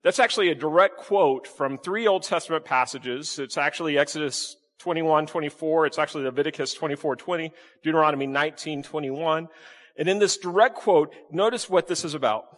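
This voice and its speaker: A man's voice: fairly high pitch, fairly quick, fairly bright tone, long reverb tail. A man preaching a sermon to his congregation, quizzing them with frequent questions and playful asides. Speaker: pastor. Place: church sanctuary with congregation.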